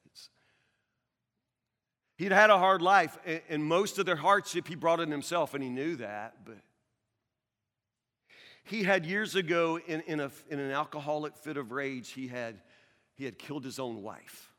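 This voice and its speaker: A man preaching a sermon as pastor, earnest, with stammering restarts, swinging from loud to hushed. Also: fairly high pitch, unhurried, pauses often, big-room sound.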